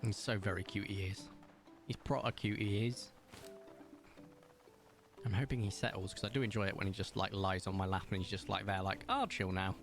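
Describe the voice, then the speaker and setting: A man's voice: steady tone, normal speed, long pauses, faint music behind. Chatty man in his thirties, cooing to his cat. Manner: chatty, talks fondly to his cat in a high coaxing voice. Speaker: streamer. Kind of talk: casual gaming stream chat. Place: home desk room. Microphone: desk microphone.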